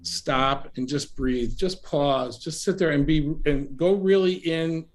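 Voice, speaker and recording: Male podcast guest, higher voice, soft-spoken and reflective, pauses and restarts. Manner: gentle, unhurried, many restarts and fillers. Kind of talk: reflective interview talk. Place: remote call from home.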